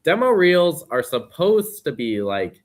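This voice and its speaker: A man's voice: on the high side, big pitch swings, a little slow. A young man talking casually as a podcast guest, earnest and rambling with plenty of fillers. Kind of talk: casual conversation.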